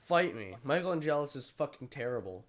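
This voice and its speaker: A young man hosting a casual podcast, trading jokes and mock challenges with his guest. His voice sits at an ordinary middle pitch, and he talks with a playful, combative edge. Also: very animated, fairly quick. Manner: joking, combative banter. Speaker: podcast host. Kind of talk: casual chat.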